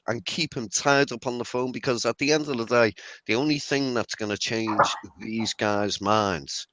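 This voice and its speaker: A man co-hosting a live stream, chatting in a relaxed, matter-of-fact way. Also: medium pitch, moderate pace, hardly any pauses, no echo, rough recording. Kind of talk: casual live stream chat.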